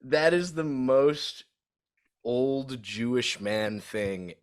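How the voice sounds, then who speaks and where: A man's voice: mid-range voice, lively intonation, a crowd in the background. Joking male co-host asking questions. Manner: joking, asks quick questions. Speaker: podcast co-host. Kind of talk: casual chat.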